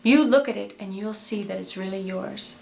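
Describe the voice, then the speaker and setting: A woman's voice: mid-range voice, normal speed, vocal fry, lightly acted. A woman voicing a bold, outspoken noblewoman who scolds a king. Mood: determined. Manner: forceful, scolding.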